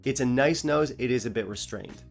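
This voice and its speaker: A man's voice: medium pitch, brisk, vocal fry, soft background music. A man talking through a whisky tasting review in a chatty, opinionated way, with joking asides. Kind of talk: casual review vlog.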